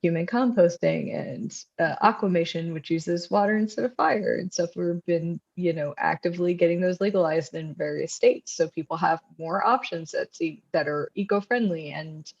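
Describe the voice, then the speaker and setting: A woman with a somewhat low voice chats as a guest author, loose and full of fillers, slipping into quick voices when she quotes people. The sound is dull and lo-fi, as if coming through a video call. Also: slightly rough. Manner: chatty, many fillers, acts out quoted voices. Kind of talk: casual conversation.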